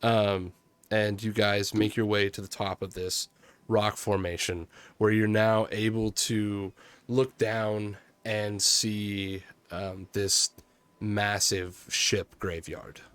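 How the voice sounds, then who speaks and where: Male gm, young adult, lowish voice, halting delivery full of ums and chuckles. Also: little pitch movement, fairly bright tone, clean tone, dry recording. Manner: halting, many fillers, laughs often. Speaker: game master. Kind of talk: narrating a tabletop game.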